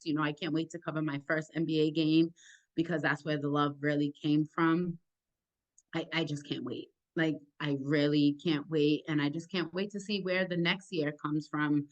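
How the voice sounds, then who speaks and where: A young woman with a low, deep voice and a thick accent talks about her work. She sounds eager, grateful and animated, and her speech rushes forward in bursts. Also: lo-fi sound. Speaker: sports podcaster and journalist. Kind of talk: casual interview answers.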